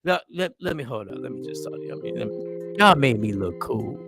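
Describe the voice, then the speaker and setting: A man in his forties hosting a casual live show, animated and rambling, often repeating phrases. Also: medium pitch, a little fast, gravelly, over music. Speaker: comedian and show host. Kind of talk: casual live-stream talk.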